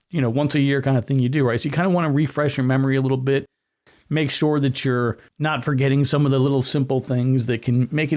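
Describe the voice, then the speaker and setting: Male podcast host, casual solo talk, rambling and self-correcting, middle pitch. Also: darkish tone. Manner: gestures with hands while talking.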